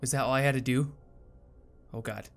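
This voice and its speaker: A man giving horror game commentary, jumpy and nervous, muttering to himself with sudden loud yelps. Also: medium pitch, fairly even intonation, fairly quick, faint music behind. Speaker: gaming YouTuber.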